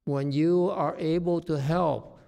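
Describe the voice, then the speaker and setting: A man whose first language is Chinese, giving a slow, plain-spoken dharma talk as a meditation teacher, often checking in with "okay?". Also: fairly high pitch, fairly even intonation, creaky, mellow. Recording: long hall reverb.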